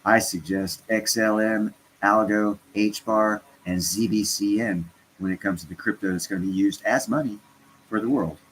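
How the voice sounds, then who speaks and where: A man's voice: lowish voice, fairly even intonation, moderate pace, a bit bright, a little hiss or hum, poor audio. A stoned man chatting casually on a livestream, rambling and interrupting himself as he talks to his viewers. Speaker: crypto vlogger.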